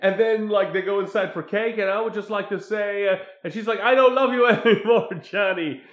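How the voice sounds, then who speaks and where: A man in casual chat recapping a movie, animated and laughing as he acts out scenes. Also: high voice, brisk. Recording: echoey room.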